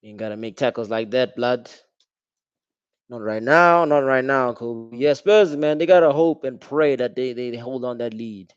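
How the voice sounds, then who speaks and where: A man's voice: mid-range voice, normal speed, clean tone, no room sound. Slangy man reacting to football. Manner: casual, slangy, reacts loudly to referee calls. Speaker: football watch-along streamer. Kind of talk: live match reaction commentary. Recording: dull, dry home stream audio.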